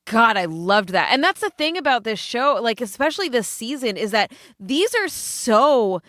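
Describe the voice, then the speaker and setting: A woman co-hosting a casual podcast chat, animated and swearing often as she acts out characters' lines. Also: a little high, moderate pace, dry recording, studio quality. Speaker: podcast co-host. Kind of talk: casual chat about a TV episode.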